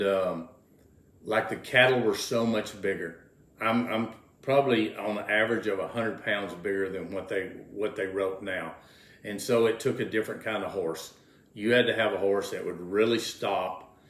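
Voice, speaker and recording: A man's voice: lowish voice, a bit bright. An older man, telling folksy rodeo stories as an interview guest, repeating words as he goes. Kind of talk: casual storytelling. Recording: roomy echo.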